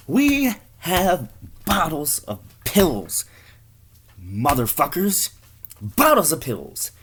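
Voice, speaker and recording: A manic TV-commercial doctor, as a man puts him on, chanting over and over in a high sing-song. He sounds unhinged, bouncing through his pitch. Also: huge pitch swings, drawn-out words, a bit bright, a little hiss or hum, exaggerated voice. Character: manic male TV-ad doctor pushing pills.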